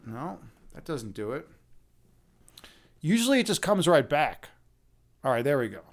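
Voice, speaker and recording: Lively chatty man on a close mic. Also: on the high side, a little slow. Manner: chatty, restarts and repeats words; playful, laughs at himself. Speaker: live stream host. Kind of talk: casual chat with viewers. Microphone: close microphone.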